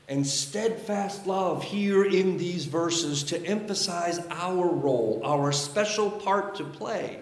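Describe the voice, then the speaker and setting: A man preaching a sermon as pastor, measured and emphatic, with deliberate pauses. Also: fairly high pitch, echoey room. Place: church sanctuary.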